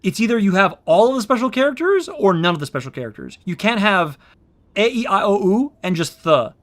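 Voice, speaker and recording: Rambling man streaming, fairly high voice. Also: big pitch swings, brisk, fairly bright tone. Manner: rambling, explains with many fillers. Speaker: VTuber streamer. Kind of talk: casual stream chatter. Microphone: own streaming mic.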